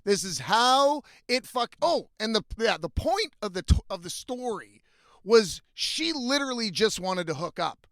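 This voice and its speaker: Profane high-voiced man ranting. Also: sing-song, a little slow, a bit bright, no room sound, studio quality. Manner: profane, blunt, frequently exasperated. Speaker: vlogger. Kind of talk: casual storytelling rant.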